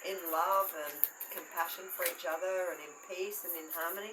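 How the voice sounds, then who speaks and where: Rambling Australian woman, lowish voice. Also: normal speed, background noise. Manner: rambling, self-correcting, swears casually. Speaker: tarot reader. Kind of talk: casual spiritual chat.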